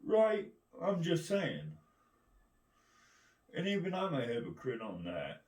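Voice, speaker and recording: Slow-paced and slightly high, with a darkish tone and wild swings in pitch, a man rants through a combative, meandering monologue. Curses pour out constantly, he often tosses in "right?", and the distant mic catches plenty of room echo.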